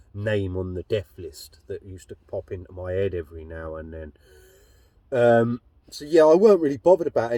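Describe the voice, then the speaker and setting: A man's voice: on the low side, warm tone, dry recording. A man telling a personal story in a blunt, rambling way, swearing heavily. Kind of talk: casual storytelling monologue.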